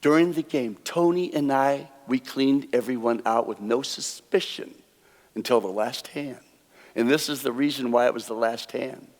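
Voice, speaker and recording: A man of medium pitch, talking at a normal speed, performs card magic before an audience on a theater stage. He spins folksy anecdotes and chuckles at his own punchlines, and the stage gives the recording a long hall reverb.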